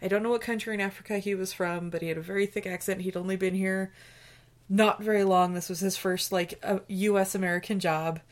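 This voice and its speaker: A woman's voice: medium pitch, fairly even intonation, brisk. Chatty woman telling a story. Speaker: podcast co-host. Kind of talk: casual chat, storytelling.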